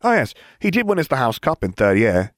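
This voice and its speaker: A man's voice: medium pitch, huge pitch swings, brisk, dry recording, clean studio sound, voice pushed up. A man reading aloud and voicing a haughty, disdainful teenage girl with a smug, purring manner.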